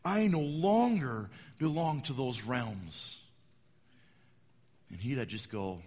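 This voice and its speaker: A man preaching a sermon, acting out quotes and swinging between loud proclamations and hushed asides. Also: mid-range voice, animated, slow, long pauses. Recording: long hall reverb.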